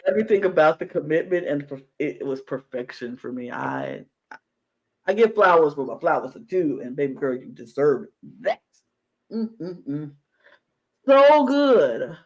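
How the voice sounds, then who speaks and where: Gushing high-voiced male podcast co-host. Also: moderate pace, lo-fi sound. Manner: animated and gushing, acts out his own reactions. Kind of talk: casual reaction chat.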